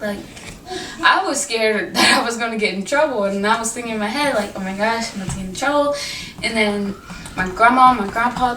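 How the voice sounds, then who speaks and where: A young woman vlogger telling a personal story in a casual, animated way, full of "like" fillers, recorded on a camera mic at home. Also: mid-range voice, recorded from a distance, slight background noise. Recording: echoey room, voice a bit off-mic.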